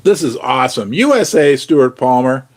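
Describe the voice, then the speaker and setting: A man hosting a casual livestream, jokey and animated, reading out viewer comments. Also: mid-range voice, moderate pace. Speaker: host.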